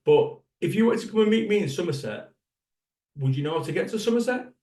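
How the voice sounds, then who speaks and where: Man, 50s, motivational keynote, blunt and sweary, rhetorical questions, slightly high voice, echoey hall. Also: lively intonation, fast talker, warm tone, distant mic. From Salford, England. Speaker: motivational speaker.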